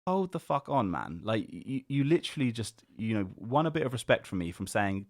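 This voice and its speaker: A man co-hosting a casual podcast, rambling through an animated retelling full of fillers and swearing. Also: medium pitch, fairly quick, dry recording, clean studio sound. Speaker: podcast co-host. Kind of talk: casual chat.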